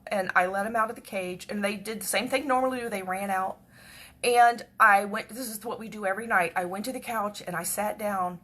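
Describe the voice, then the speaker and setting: A woman telling a personal story in a chatty, repetitive way that often drops to a hush. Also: medium pitch. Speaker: devotional speaker.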